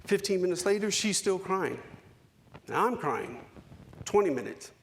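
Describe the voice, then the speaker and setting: A man in his forties giving a keynote speech, telling a personal story with dramatic pauses and emphasis. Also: high-pitched, sing-song, slight background noise. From United States. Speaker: keynote speaker. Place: conference hall stage.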